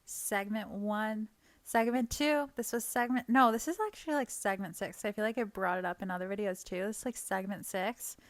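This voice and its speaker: Speaking at a moderate pace with a medium-pitched, steady voice, a young woman vlogger tells a storytime rant into a desk microphone. The dry recording captures her heated, profane mockery of the people in her story.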